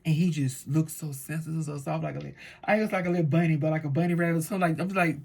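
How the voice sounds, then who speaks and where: A woman tarot reader in a casual spiritual monologue, fervent and preachy, swinging between loud declarations and hushed asides. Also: deep voice, fairly even intonation, quick pace, gravelly, hardly any pauses, breathy edge.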